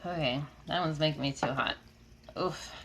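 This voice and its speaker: Low, gravelly-voiced chatty woman streamer. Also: moderate pace, a bit bright, slight background noise. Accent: slight Southern drawl. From New York. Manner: chatty, laughs often, drifts between comments. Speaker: reiki healer hosting a live stream. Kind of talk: casual live-stream chat, reading comments. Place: home room with air conditioning.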